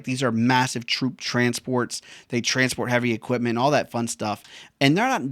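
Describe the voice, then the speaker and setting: A man's voice: mid-range voice, a bit bright, no room sound. Slangy man telling a story, dry sound. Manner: slangy and profane, says bro and man. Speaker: veteran vlogger. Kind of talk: casual storytelling monologue.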